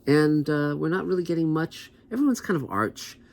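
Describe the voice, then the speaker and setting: A man's voice: on the high side, animated, moderate pace, vocal fry. A man, a TV writer hosting his own show, giving casual, rambling commentary with a wry, skeptical edge. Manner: rambling, conversational, many asides.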